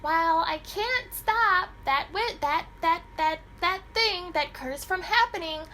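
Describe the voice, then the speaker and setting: Woman playing a tiny sweet fairy from a storybook, high and gentle. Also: lively intonation, a little slow, slight background noise, full character voice. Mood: earnest. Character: small sweet young female fairy-tale fairy.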